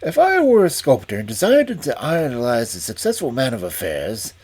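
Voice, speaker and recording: A man reading a detective story aloud as a storyteller, in an expressive manner. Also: mid-range voice, normal speed, breathy edge.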